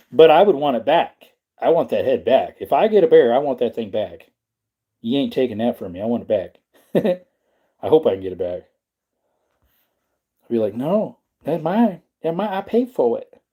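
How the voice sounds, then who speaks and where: Mellow man chatting on a livestream. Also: mid-range voice, husky. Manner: rambling, reads and answers chat. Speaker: livestream host. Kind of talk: casual livestream chat.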